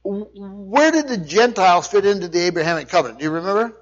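A man's voice: high voice, lively intonation, fast, muffled recording. A man preaching a verse-by-verse Bible lesson who explains each point and puts questions to his listeners. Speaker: Bible teacher. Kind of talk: verse-by-verse sermon teaching.

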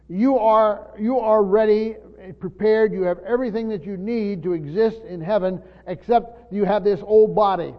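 A man preaching a sermon in an earnest teaching tone, speaking straight to his congregation. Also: high voice. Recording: dull lo-fi sound with long reverb of a large hall.

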